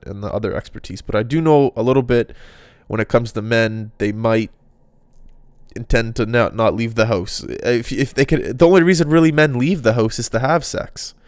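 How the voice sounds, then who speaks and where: Rambling, smooth-voiced male podcast host. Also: medium pitch, normal speed, a little mellow, dry recording. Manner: rambling, off-the-cuff musing. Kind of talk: casual solo podcast monologue.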